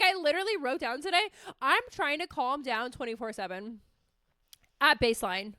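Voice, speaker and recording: A young woman talks alone into a podcast mic, her voice high and bright. She rambles from one thought to the next, swearing casually and mocking herself. The sound is close and dry. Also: moderate pace, no echo. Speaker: podcast host. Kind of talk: casual solo chat.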